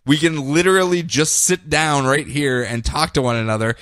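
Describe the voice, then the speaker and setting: A man doing a calm, patient superhero. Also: on the high side, normal speed, no room sound, studio quality, close to an everyday voice. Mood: pleading. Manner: calm, pleading, reasonable. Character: patient, reasonable male superhero.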